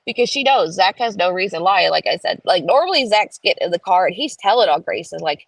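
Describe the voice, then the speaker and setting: Gravelly-voiced woman telling a story. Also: animated, quick pace, hardly any pauses, dry recording, low-quality recording. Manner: chatty, indignant, jumps into high voices when quoting her kids. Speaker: vlogger. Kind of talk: casual storytelling vlog.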